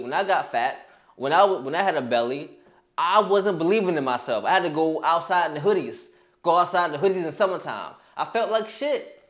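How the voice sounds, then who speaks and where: A young man giving a blunt, profane motivational talk as a fitness coach, often restarting his sentences. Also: a little high. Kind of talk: motivational monologue.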